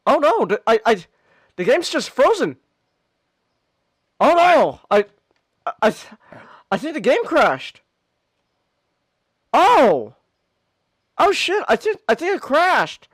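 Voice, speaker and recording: A man's voice: extremely high pitch, slow pace, pauses often, dry recording. A man streaming a game, chatting casually and yelping and laughing as he plays. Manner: excitable, yelps and laughs at the game. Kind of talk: casual gaming stream chat.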